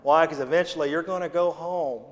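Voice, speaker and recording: A man with a drawl preaches from the pulpit, his voice sitting a little high for a man. He mixes homespun humor with scripture, going loud for emphasis and dropping low for asides. The long church reverb hangs after each phrase. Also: normal speed, highs cut off. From Missouri, USA. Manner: folksy and humorous, shifting between loud emphasis and quiet asides. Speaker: associate pastor. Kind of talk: sermon. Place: church sanctuary.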